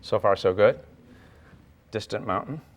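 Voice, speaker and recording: An older man teaching a physics class, lively and playful, with sound effects and acted asides. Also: on the low side, measured pace. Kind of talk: classroom lecture at a whiteboard.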